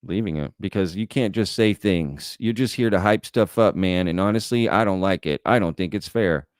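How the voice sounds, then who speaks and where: A male host reads chat comments on a live stream and answers them bluntly, in a lecturing way. His voice sits low. The sound is dry and close. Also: moderate pace, dry recording.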